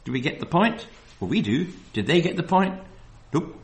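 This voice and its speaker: This Bible study preacher sounds on the high side, with big swings in pitch. He gives each verse a slow, emphatic reading, then slips into rambling, filler-laden tangents.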